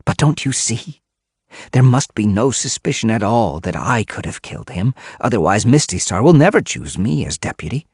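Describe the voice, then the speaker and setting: A man's voice: on the low side, sing-song, normal speed, a little mellow, breathy edge, dry recording, clean studio sound, voice pushed up, exaggerated voice. A man voicing a scheming female warrior cat who speaks coolly and persuasively in an audiobook.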